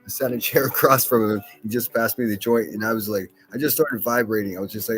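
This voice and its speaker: A man's voice: lowish voice, steady tone, fast, hardly any pauses, a bit bright, soft background music. A man hosting a solo podcast, rambling casually with lots of swearing, fillers and restarts. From Pittsburgh, USA.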